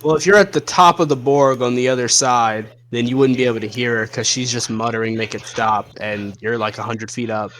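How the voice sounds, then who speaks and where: A man serving as game master, calmly narrating the action and explaining the rules in a measured way. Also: medium pitch, a little hiss or hum, poor audio.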